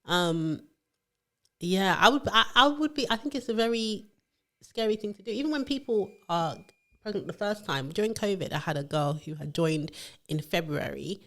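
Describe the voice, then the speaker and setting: A woman, co-hosting a casual podcast chat about work and telling stories with lively acted-out quotes. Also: medium pitch, normal speed. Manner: animated storytelling, acts out quotes. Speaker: podcast co-host, HR professional.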